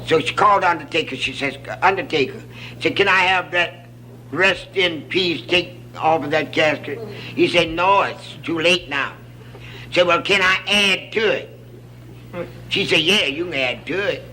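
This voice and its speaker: A man's voice: on the high side, moderate pace, bright, forceful tone, a little hiss or hum, low-quality recording. A man telling folksy jokes, laughing at his own stories and drawing out the punchlines.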